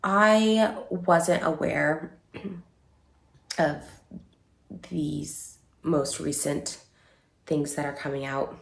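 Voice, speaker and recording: Low gravelly woman in an echoey room. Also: fairly even intonation. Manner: halting, many fillers and restarts. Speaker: online creator giving a statement. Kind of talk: emotional personal statement video.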